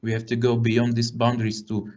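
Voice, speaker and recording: A man explains a trading idea in a halting way, full of fillers, building it around an analogy. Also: medium pitch, monotone, darkish tone. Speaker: trading coach. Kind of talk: casual explanation. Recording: dull lo-fi audio.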